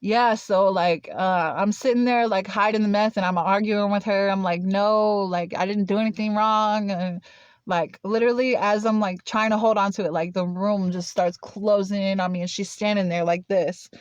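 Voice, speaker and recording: A woman's voice: mid-range voice, fairly even intonation, normal speed, clear, resonant tone, dry recording, dull audio. A young woman telling a personal story casually, rambling and full of "like" fillers. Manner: rambling, filler-heavy with constant "like". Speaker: vlogger.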